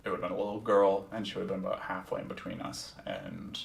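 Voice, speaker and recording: A man's voice: low voice, sing-song, fast, gravelly, distant mic. A man hosting a podcast, telling a personal story in a candid, reflective way and swearing freely. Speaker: podcast host. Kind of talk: casual first-person storytelling. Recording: roomy sound, set back from the mic.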